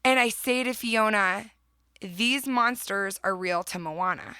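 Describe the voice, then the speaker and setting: Woman host, thirties, bright dry close sound, earnest and emphatic motivational talk. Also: mid-range voice, slow, clear, resonant tone, no room sound. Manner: earnest, emphatic, often laughing. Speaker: podcast host.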